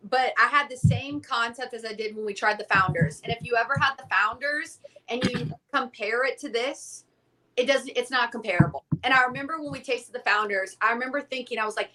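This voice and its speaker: Bright, lively young woman telling a story. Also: a little high, brisk. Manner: animated, acts out quoted dialogue. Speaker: whiskey company guest. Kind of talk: casual storytelling interview.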